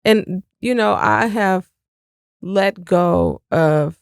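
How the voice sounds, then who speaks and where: Gravelly middle-aged podcast co-host, candid. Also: medium pitch, extremely slow, no room sound, studio quality. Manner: candid, relaxed, thinking aloud. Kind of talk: casual podcast chat.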